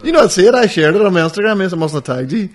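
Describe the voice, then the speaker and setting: A man's voice: high-pitched, expressive, racing. A man, a podcast co-host in casual chat, teasing and sweary.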